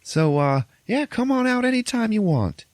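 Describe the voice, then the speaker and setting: A man's voice: high voice, sing-song, normal speed, no echo, pitched above the performer's own voice. A man voicing a folksy, friendly older male farmer who eagerly invites a guest out to his land.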